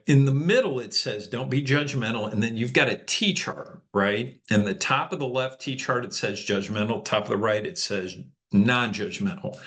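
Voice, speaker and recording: A male workshop facilitator guides an online leadership training on a video call, his fairly low voice carrying a fairly bright tone. His style is chatty, punctuated by frequent "okay?" check-ins with participants.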